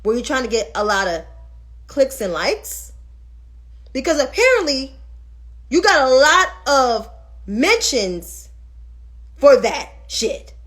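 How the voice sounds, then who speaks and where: A woman with a fairly high voice hosts a political livestream and gets heated and profane as she rants. She talks back to viewers' comments between her points. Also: big pitch swings, slow pace, long pauses, fairly bright tone.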